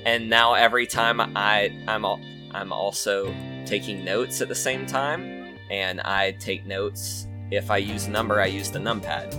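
A man's voice: lowish voice, fairly even intonation, unhurried, music in the background. A man acting as game master in a tabletop game chat, talking hesitantly with many fillers.

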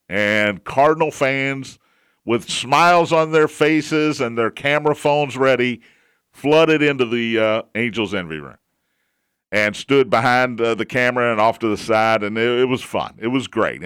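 A man's voice: mid-range voice, fairly bright tone, smooth, no echo, studio quality. A man hosting a sports talk show, chatting in an opinionated way and repeating his points for emphasis. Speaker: sports radio host.

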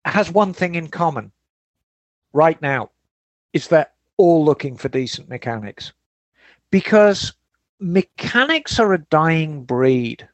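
A man hosts a podcast in loose, rambling chat and answers listener mail. His voice sits high for a man. It is recorded close and dry, with no room sound. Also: takes it slowly, pauses often, no room sound. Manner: relaxed, rambling, reads listener emails. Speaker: podcast host. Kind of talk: casual chat.

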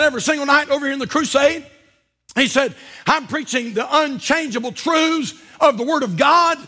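A pastor preaching a fervent sermon to his church, moving from shouted calls down to low, quiet asides. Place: church sanctuary.

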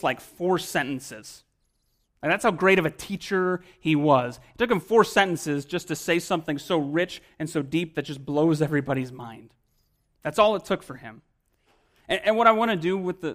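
A man, a pastor, preaching a sermon in a conversational style, with casual phrasing that swells in emphasis and drops to quiet asides. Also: a little high.

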